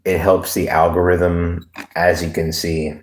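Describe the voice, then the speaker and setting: Man, deep voice, slow-talking, livestream host, rambling crude jokes. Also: flat delivery. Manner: rambling, joking, crude, reads chat aloud. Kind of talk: casual livestream chat.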